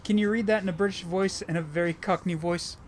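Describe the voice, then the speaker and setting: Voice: medium pitch, steady tone, fast. Rambling, joking game streamer. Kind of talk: casual gameplay commentary.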